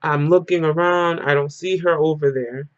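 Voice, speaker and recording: A young man recounts a night out in a casual storytime vlog. His voice sits a little high for a man and runs animated and emotional, filled with "like". The audio sounds somewhat muffled and lo-fi. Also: moderate pace. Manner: animated, emotional retelling full of "like". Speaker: storyteller vlogger.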